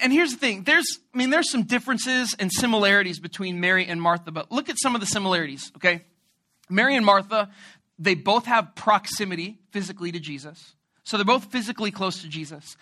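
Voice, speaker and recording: A male preacher giving a sermon with a bright, sharp voice. He tells stories in an animated way and jokes with his listeners. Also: high-pitched. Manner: animated, joking storyteller.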